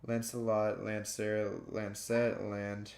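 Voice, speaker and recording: Slow man reading word lists. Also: lowish voice, monotone, gravelly, darkish tone. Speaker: gaming youtuber. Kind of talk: reading dictionary words aloud.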